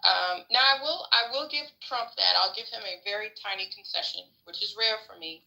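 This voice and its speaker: A woman's voice: mid-range voice, moderate pace, vocal fry, sharp tone, rough recording. A woman sharing frank, opinionated views in a casual political discussion, swearing freely.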